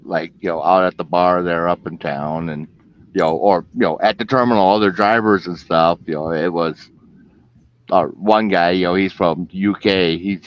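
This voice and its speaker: A man's voice: deep voice, dry recording. A man telling a casual story as a guest, rambling with many fillers. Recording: dull, dry lo-fi sound.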